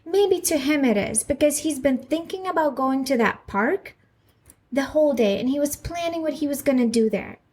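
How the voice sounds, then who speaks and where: A woman's voice: high voice, lively intonation, normal speed, a little mellow. A woman in her thirties hosting a solo parenting podcast, talking earnestly and reassuringly and asking listeners questions. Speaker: podcast host, mother.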